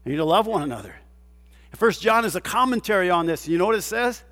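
A man preaching a sermon as a pastor, asking rhetorical questions and swinging between loud emphasis and hushed, quiet passages. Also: high voice, animated, quick pace, long reverb tail.

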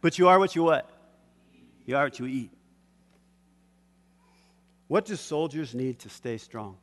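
With a mid-range, animated voice at a measured pace, an older male pastor works through his sermon in call-and-response, having the congregation fill in words. He chuckles frequently and moves between loud and hushed delivery. The recording carries a long hall reverb.

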